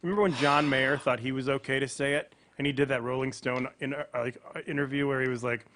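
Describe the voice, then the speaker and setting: A man co-hosting a podcast who talks in quick, loose bursts. A faint noise sits under his voice. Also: mid-range voice, steady tone, a bit bright. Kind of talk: casual chat.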